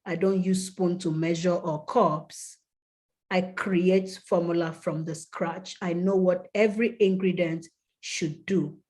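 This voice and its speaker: A woman's voice: fairly low pitch, steady tone, slow, darkish tone. A woman guest on a podcast, telling an earnest, emotional personal story with vivid detail and acting out the people she quotes. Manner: acts out quoted people in a raised voice. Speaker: podcast guest, skincare brand founder.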